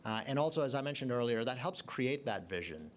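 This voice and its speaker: A middle-aged man answers a panel question in a large event space, earnest and projecting. His pitch rises and falls a lot. A faint hum sits behind him. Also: expressive, brisk. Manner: earnest, speaks up in a loud projecting voice. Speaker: hospital leader on a panel. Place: event arena.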